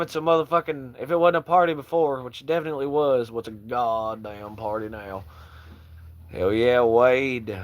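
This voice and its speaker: A man in the middle of his range hosts a loose, rambling livestream chat, peppering it with swearing and jokes. He greets viewers by name and answers their comments in a relaxed, offhand way. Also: mid-range voice, normal speed, dry recording. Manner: loose, profane, joking, shouting out viewers by name. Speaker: livestream host.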